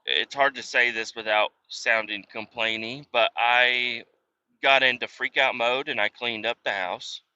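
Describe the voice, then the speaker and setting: In an unhurried, steady delivery, a man in his thirties hosts a podcast, rambling through profane stories and acting out others' lines in casual monologue. His medium-pitched voice is smooth with a sharp tone. The audio is dull lo-fi.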